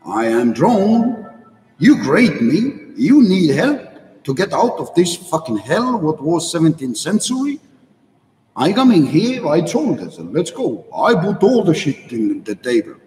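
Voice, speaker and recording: A man giving a blunt, profane monologue in halting, broken English. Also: on the high side, wildly swooping pitch, darkish tone. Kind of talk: opinionated monologue. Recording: echoey hall, mic far off.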